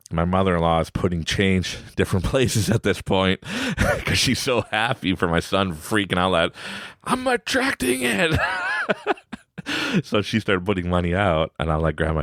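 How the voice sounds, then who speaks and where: A man in his thirties from Canada, hosting a podcast and telling a family story in a casual, animated way, giggling and acting out his son in a high voice. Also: no room sound, clean studio sound. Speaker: podcast host.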